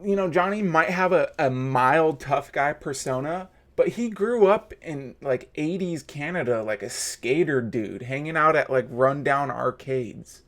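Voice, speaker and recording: A man's voice: on the high side, lively intonation, a little slow, hardly any pauses, a bit bright. A man in his thirties hosting a reaction video, ranting in a heated, mocking way. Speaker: host. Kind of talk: reaction commentary.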